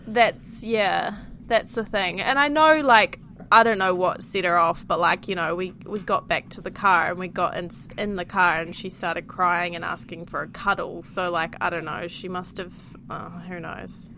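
A woman with a New Zealand accent co-hosts a parenting podcast as a mother, telling a chatty story packed with fillers and laughs. Her lowish voice is pushed and bright, fairly even in intonation, moderately paced with few pauses, and the recording has a little hiss or hum.

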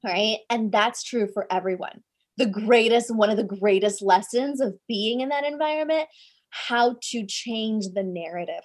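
A woman speaking English as a second language, a life coach telling a personal story in an interview, with lots of "right?" and "like". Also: medium pitch. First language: not English. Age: 20s at the time recalled; now older. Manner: animated, many "right?" tags and "like" fillers.

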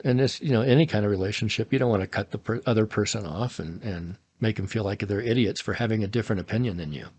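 A man's voice: lowish voice, fast, few pauses, darkish tone, husky. A middle-aged man co-hosting a casual advice chat, speaking in a laid-back, agreeable way. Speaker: co-host.

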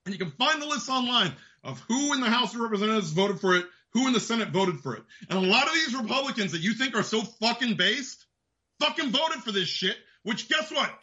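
A man's voice: very high-pitched, animated, fairly quick, bright, forceful tone, muffled recording. A man hosting a show, delivering an angry, profane political rant. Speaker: host. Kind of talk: ranting political commentary.

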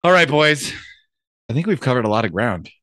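A man's voice: medium pitch, very animated, a little fast, a bit bright, no room sound, clean studio sound. A man hosting a podcast in casual chat, telling long jokes with frequent laughter and swearing. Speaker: podcast host.

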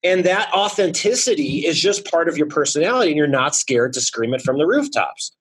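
A man guest in a casual interview, talking in energetic, joking bursts about his marketing business. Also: a little high, brisk, husky, low-quality recording. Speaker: guest, real estate marketing business owner.

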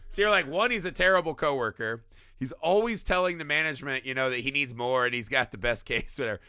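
A man in casual chat, an animated, profane storyteller who often laughs. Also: medium pitch, fast, smooth, no echo, studio quality.

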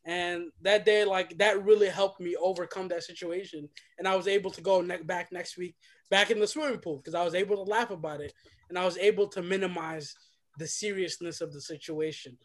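High-voiced man telling a dramatic story. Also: fairly quick. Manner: lively, dramatic, drops to a hush for effect. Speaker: podcast guest. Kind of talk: animated storytelling.

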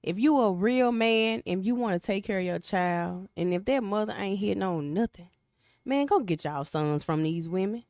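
A woman's voice: mid-range voice, normal speed, a little mellow, no room sound, clean studio sound. A woman speaking bluntly and emphatically in a social media video, using slang.

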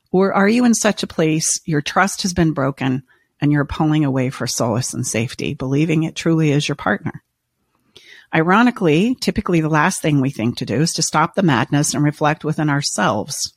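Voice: mid-range voice, no echo, clean studio sound. A relationship counselor hosting a podcast, speaking in an earnest, reassuring way with repeated emphasis. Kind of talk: podcast monologue.

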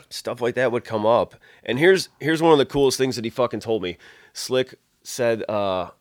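A man's voice: mid-range voice, normal speed. A man who builds guitar pedals, telling long rambling stories in casual chat, swearing often and acting out the voices in his stories. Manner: rambling storyteller, heavy swearing, acts out quoted dialogue.

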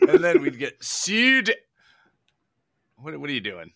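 Bright, lively-voiced man bantering. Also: fairly high pitch, slow, vocal fry, no room sound, clean studio sound. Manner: loud, laughing banter. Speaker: podcast co-host. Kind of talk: casual chat.

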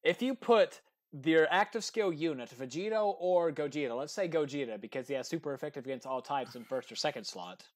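A man hosting a casual podcast, explaining game tricks in a relaxed, conversational way on a computer mic over a remote call. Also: a little high, brisk. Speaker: podcast host.

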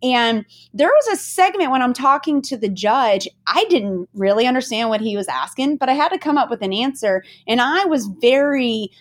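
A woman's voice: a little high, lively intonation, normal speed, hardly any pauses. Chatty, upbeat woman hosting a podcast. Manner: enthusiastic, chatty, laughs easily. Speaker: podcast host. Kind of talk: conversational podcast interview.

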